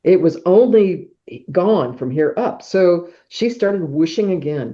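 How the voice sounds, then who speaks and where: A woman's voice: on the low side, animated, a little slow, hardly any pauses, mellow. A middle-aged woman telling a personal story as a podcast guest, acting out sounds like whooshes and claps as she goes. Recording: dull, muffled podcast audio.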